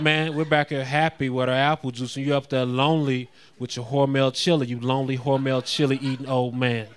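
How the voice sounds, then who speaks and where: A man in his thirties doing a stand-up routine on stage, mostly deadpan, working up into indignant rants. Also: medium pitch, smooth. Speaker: stand-up comedian. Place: live comedy venue with an audience.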